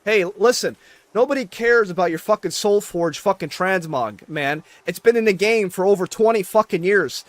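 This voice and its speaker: A man's voice: sits high, expressive, moderate pace, dry recording. A man ranting in casual chat, exasperated and swearing constantly.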